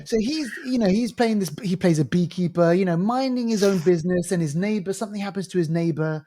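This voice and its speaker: A man's voice: high-pitched, fairly quick, dark tone. A man with a London accent co-hosting a film podcast, chatting casually and rambling with lots of fillers and restarts. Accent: London English. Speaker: podcast co-host.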